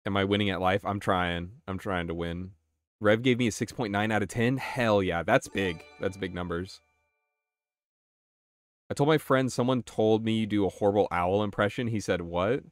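A young man chatting casually on his game live stream, excitable, swearing and reacting to chat. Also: on the low side, no room sound, studio quality.

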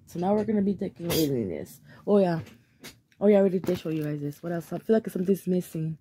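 A woman's voice: lowish voice, expressive, fast talker, warm tone. A woman vlogger chatting casually while making a gift, easily frustrated and swearing often. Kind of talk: casual craft vlog chat. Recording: faint background noise.

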